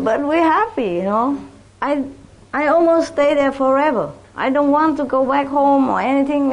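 Woman, high voice, chatty storytelling, acts out neighbors, laughs a lot. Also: vocal fry. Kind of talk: casual storytelling monologue.

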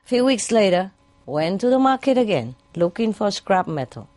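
A woman's voice: medium pitch, very animated, moderate pace, a little mellow, dry recording. A woman spiritual teacher giving a lecture with parables to an audience, laughing often and teasing listeners with questions.

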